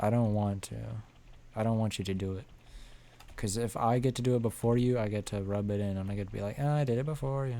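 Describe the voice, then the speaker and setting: Tired guy streaming a game, low mellow voice, just rambling and cracking jokes. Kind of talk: casual game livestream commentary.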